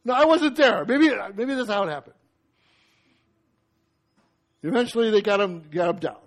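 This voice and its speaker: A man preaching a sermon, retelling a scripture story in a lively, conversational way and acting out the lines. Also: high voice, moderate pace.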